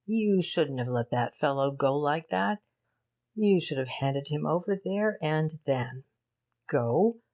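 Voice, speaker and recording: A woman reading a blunt police detective who talks in a gruff, direct way. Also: low-pitched, lively intonation, slow, darkish tone, full character voice.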